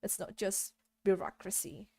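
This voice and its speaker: A woman's voice: mid-range voice, little pitch movement, measured pace, vocal fry, a little mellow, slightly rough. A woman voicing a grumbling, world-weary old man while reading a visual novel aloud. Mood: dry. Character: grumbling old man in a dim cluttered den.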